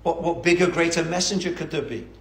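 A male preacher delivering a sermon with fervent, emphatic conviction, hammering his points home through repetition. His voice sits a little high for a man, and it rings out in an echoey church. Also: fast.

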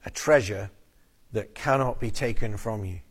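A man preaching an expository sermon, earnest and emphatic, slowing down on key phrases and sometimes repeating words. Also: on the low side, husky.

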